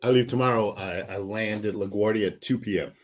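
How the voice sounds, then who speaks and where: A man's voice: fairly low pitch, steady tone, brisk. A man guest on a sports podcast, talking in casual chat with a hyped, joking manner and easy laughs.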